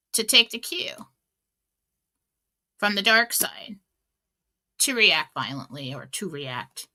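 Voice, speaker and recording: A middle-aged woman hosts a radio talk show, telling stories in a chatty way full of fillers and restarts. It's a casual inspirational talk, delivered in a medium-pitched voice that sounds pushed and bright.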